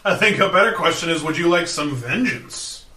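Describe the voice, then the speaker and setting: A man playing a tabletop game with a bright, sharp voice that swings widely in pitch. He teases the others wryly. His voice echoes around the room. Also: animated, moderate pace, recorded from a distance. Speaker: player. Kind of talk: casual tabletop game play.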